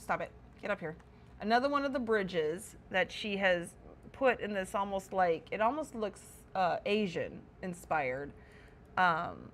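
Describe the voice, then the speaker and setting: A woman's voice: medium pitch, slight background noise. A woman streaming casual commentary while touring a player-built game house, chatty and full of wonder, correcting herself as she goes.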